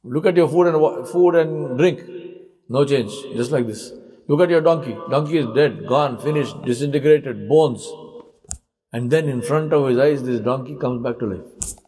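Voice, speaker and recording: A man's voice: medium pitch, moderate pace, warm tone, poor audio. A man giving a sermon in a mosque, telling stories and asking rhetorical questions. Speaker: preacher.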